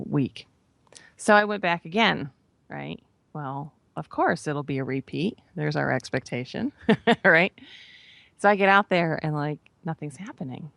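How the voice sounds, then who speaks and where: Gravelly-voiced woman telling a spiritual story. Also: low voice, no room sound. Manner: conversational, often adds "right?" and "you know". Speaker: spiritual teacher. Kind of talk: personal storytelling in a spiritual talk. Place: radio broadcast.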